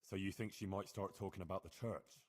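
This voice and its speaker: A determined, loyal young hero from a video game,. He speaks plainly and directly with a low, husky voice. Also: fairly even intonation, a little fast.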